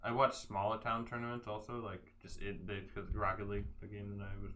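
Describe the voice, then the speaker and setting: A man's voice: on the low side, flat delivery, a little fast, bright, forceful tone, slight background noise. A young adult man co-hosting a casual gaming podcast, chiming in and laughing often. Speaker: podcast co-host. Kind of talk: casual chat.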